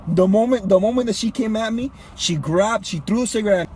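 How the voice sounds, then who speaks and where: A young man with a slightly high voice tells a story off the cuff, circling back and repeating phrases as he goes. His talk is loose and casual, peppered with "bro" and "man.". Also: fairly quick, darkish tone, breathy edge. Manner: rambling, repeats himself, says bro. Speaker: vlogger.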